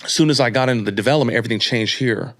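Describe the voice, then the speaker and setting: Animated slangy man in his thirties. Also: medium pitch, racing. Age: 30s. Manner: animated, slangy, acts out quoted voices. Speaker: podcast guest. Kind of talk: casual storytelling interview.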